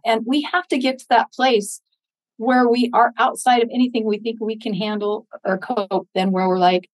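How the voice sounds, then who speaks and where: A woman podcast guest, a bereaved mother, telling her story in an earnest, faith-filled way, animated when she quotes others. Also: on the high side, moderate pace, no room sound, rough recording. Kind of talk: interview storytelling.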